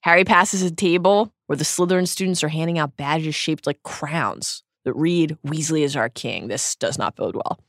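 A woman co-hosting a podcast, reading a wry, animated scripted recap of a book with quick asides. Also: low voice, no echo, studio quality. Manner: animated, wry storytelling with laughs. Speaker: podcast co-host.

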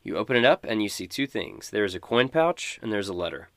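A man running a tabletop game as game master, narrating in a relaxed, conversational way. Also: lowish voice, brisk, no room sound, studio quality.

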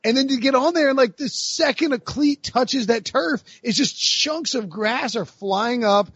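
A man's voice: very high voice, unhurried, a bit bright, breathy edge, no room sound, muffled recording. A man hosting a casual sports podcast, rambling with lots of fillers and laughing as he talks. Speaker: podcast host.

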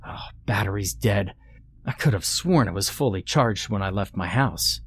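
A man's voice: mid-range voice, big pitch swings, a little slow, no echo, pitched above the performer's own voice. A man voicing a frightened, irritable burly young man who keeps pleading and complaining as they explore.

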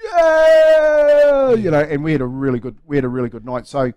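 A man's voice: mid-range voice, steady tone, racing, darkish tone, no room sound. A man with a New Zealand accent co-hosting breakfast radio, telling a rambling story. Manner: rambling anecdotal, chatty. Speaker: radio co-host. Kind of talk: casual radio banter. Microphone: studio microphone.

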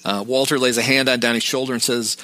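Podcast host, male: casual recap, bright voice, dry close sound. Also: mid-range voice, level tone, fast, no room sound. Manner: recounting scenes, quoting dialogue.

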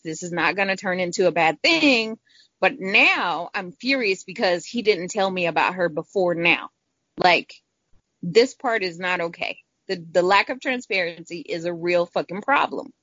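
A woman's voice: medium pitch, no room sound. A woman telling a personal story in casual talk, frank and profane, acting out what people said. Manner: frank, profane, quotes people in lively voices. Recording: dull lo-fi recording.

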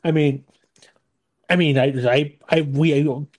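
A man co-hosts a casual podcast chat. His voice is mellow and warm, a touch higher than most men's. He rambles, trips over his words and swears freely. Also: steady tone, a little slow. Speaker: podcast co-host.

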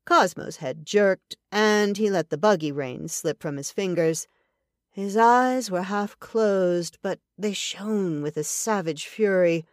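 A woman narrating a western novel as an audiobook in an even, deliberate storytelling manner. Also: mid-range voice, no room sound, studio quality.

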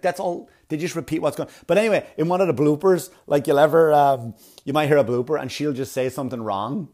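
A man performing a rambling stand-up comedy routine, full of filler words and quick asides. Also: fairly high pitch, a little mellow. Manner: rambling, filler-heavy delivery with sudden breathy put-on voices.

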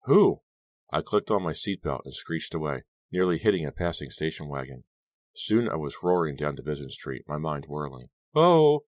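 Very deep-voiced man narrating a thriller. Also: a little fast, no room sound. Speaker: audiobook reader. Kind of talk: first-person audiobook narration.

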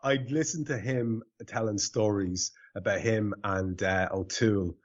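A man's voice: fairly low pitch, a little slow, highs cut off. A man co-hosting a podcast in casual chat, repeating words as he goes and laughing often. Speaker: podcast co-host.

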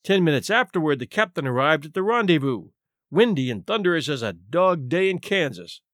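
A man narrating a classic short story, reading in an expressive, measured way. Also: fairly high pitch, no echo, studio quality. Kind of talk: scripted audiobook narration.

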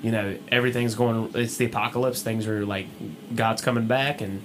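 A young man, co-hosting a podcast and telling a story in a casual, animated way. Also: on the low side, a little hiss or hum. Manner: fast, animated storytelling with acted-out quotes. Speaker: podcast co-host.

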